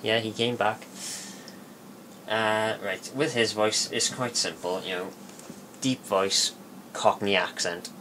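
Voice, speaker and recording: A man giving a casual spoken tutorial, rambling and halting with many fillers and restarts. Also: on the low side, fairly even intonation, noisy background. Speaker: video tutorial maker.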